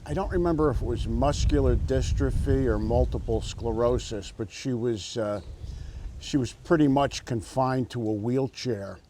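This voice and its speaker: A middle-aged man tells his story in a relaxed, slow interview voice at a mid pitch. He hesitates often, restarting sentences and filling pauses before he reaches the point. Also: a little hiss or hum. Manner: halting, many fillers and restarts, storytelling. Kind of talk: casual interview testimony.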